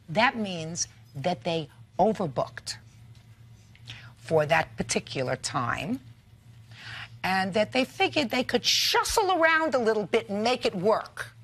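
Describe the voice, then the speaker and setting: Stern older woman judge, lively pitch. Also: normal speed, gravelly, a little hiss or hum. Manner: stern, sarcastic, scolding. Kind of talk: courtroom TV ruling.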